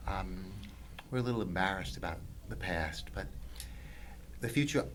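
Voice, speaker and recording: Slow, halting man in satirical comedy. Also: lowish voice, noisy background. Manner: halting, hesitant with ums. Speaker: guest.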